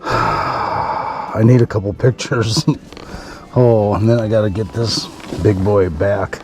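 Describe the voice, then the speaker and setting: A man narrating a fishing vlog from an ice fishing shelter. He murmurs softly to the fish and breaks into excited exclamations. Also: fairly low pitch, takes it slowly, long pauses, faint music behind. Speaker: fishing vlogger.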